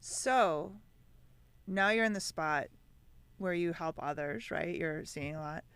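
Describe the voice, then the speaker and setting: Podcast host, smooth clear voice, dry close sound, relaxed questions. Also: medium pitch, slow, dry recording. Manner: conversational, asks questions with a friendly push. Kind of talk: casual podcast interview.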